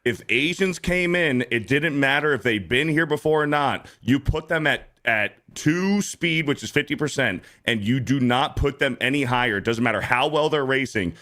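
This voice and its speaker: A man co-hosting a casual stream, telling a story in a profane, animated way and acting out the quotes. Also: medium pitch, normal speed, few pauses. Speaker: stream co-host.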